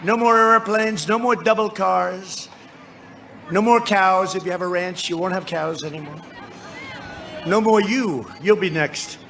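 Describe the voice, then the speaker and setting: A man in his seventies giving a rambling, repetitive, boastful campaign rally speech into a podium microphone, often shouting to the crowd. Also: sits high, unhurried. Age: 70s. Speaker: politician addressing a rally. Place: large rally venue. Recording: noisy live rally sound.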